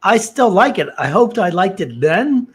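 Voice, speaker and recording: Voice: mid-range voice, very animated, moderate pace, breathy edge. A judge on a comedy panel, chuckling and wry. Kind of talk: casual panel commentary.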